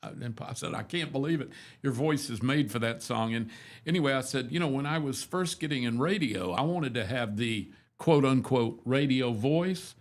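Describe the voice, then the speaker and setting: A man's voice: medium pitch, moderate pace. A man in his seventies, a radio host, telling rambling, self-deprecating stories in a casual, folksy chat. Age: 70s.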